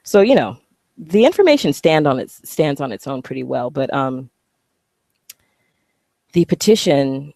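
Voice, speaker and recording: A woman vlogging a casual, profane, sarcastic rant, animated and acting out voices. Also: sits low, a little slow, gravelly, pauses often, no echo, studio quality. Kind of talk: casual ranting monologue.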